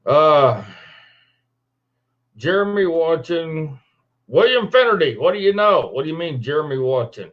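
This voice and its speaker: A folksy man hosting a livestream from his home computer, drawling slowly in a slightly high voice. He greets his viewers one by one by name, and the audio has the dull, muffled sound of a cheap computer mic. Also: big pitch swings. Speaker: livestream host. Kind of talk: casual live-stream chat.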